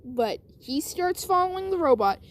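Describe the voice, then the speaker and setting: A woman's voice: high voice, sing-song, moderate pace. A woman casually telling an improvised story, rambling with lots of asides. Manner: rambling, many fillers and asides.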